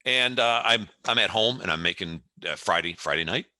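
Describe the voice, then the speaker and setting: A man's voice: fairly low pitch, normal speed, no room sound. A man in his fifties, a company CEO, telling a story as an interview guest and acting out the scene as he goes. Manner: animated storyteller who acts out the scene.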